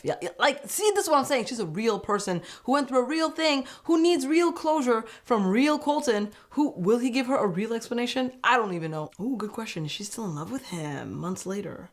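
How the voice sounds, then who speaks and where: A woman recapping a reality show episode in casual reaction commentary, exclaiming and laughing as she goes. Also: medium pitch. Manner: animated, exclaiming, quick laughs between remarks.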